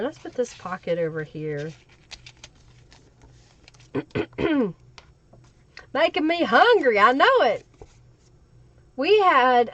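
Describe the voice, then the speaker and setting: A woman's voice: a little high, a bit bright, no echo, highs cut off. A woman with an Oklahoma Southern accent hosting a live crafting stream, chatting casually and answering viewer comments as she works. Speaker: livestream crafting host.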